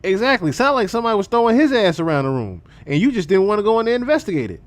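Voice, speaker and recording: Animated man ranting on a livestream. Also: high voice, racing, dry recording. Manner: animated, repetitive, profane. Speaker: livestream commentator. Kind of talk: casual livestream commentary.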